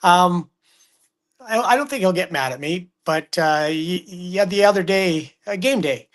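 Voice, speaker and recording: Animated middle-aged male hockey storyteller. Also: high voice, measured pace. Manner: animated storyteller, acts out quotes. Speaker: hockey broadcaster guest. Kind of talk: casual sports chat.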